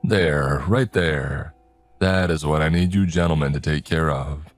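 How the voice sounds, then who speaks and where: A man's voice: extremely low pitch, soft background music. A man doing a folksy old property owner. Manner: easygoing, folksy, drawn-out country phrasing. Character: folksy older male client in cowboy hat.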